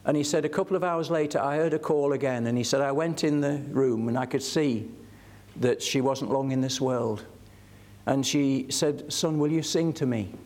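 A man's voice: medium pitch, moderate pace, darkish tone. An older man preaching a sermon, telling stories earnestly and building to fervent emphasis.

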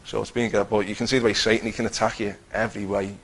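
A middle-aged man telling his personal Christian testimony in an earnest, halting way, with many restarts. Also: on the low side, flat delivery, slight background noise, low-quality recording. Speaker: Christian teacher giving testimony.

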